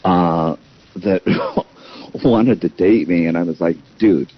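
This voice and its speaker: Deep-voiced blunt man in his fifties. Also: slow pace, slightly rough, highs cut off, faint music behind. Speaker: podcast guest. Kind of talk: casual chat.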